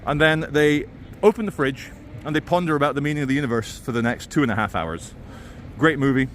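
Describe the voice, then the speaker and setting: A man's voice: medium pitch, a little fast, fairly bright tone, a little hiss or hum. A man vlogging as he walks outdoors through a city, talking in a sardonic, ranting way. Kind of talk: walking vlog commentary.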